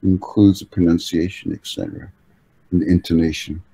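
A man answering questions as a language-learning expert, measured and hesitant with many pauses and restarts. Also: low voice, steady tone, dark tone, husky, no room sound, rough recording. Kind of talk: explanatory answers in conversation.

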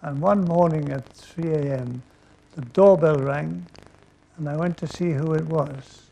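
An older man telling comic stories on stage in a rambling, deadpan way, with an audience laughing. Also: on the high side, measured pace, creaky, low-quality recording. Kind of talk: stage storytelling.

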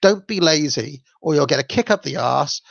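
A man's voice: a little high, expressive, moderate pace, creaky, dry recording, highs cut off. A man hosting a livestream, reading children's stories aloud and commenting in a chatty, hesitant way with fillers and laughs. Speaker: channel host.

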